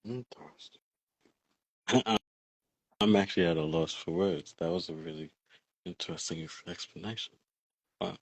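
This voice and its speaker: A man interviewing an artist, soft-spoken, asking questions and giving short affirmations. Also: low-pitched, moderate pace, pauses often, slightly rough, no room sound, poor audio.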